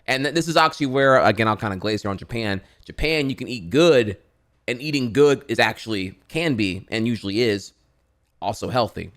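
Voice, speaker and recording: A man's voice: mid-range voice, lively intonation, a little fast, fairly bright tone. Rambling, profane Louisiana man. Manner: profane, rambling, many restarts. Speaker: streamer reacting to videos. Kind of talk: casual rambling chat.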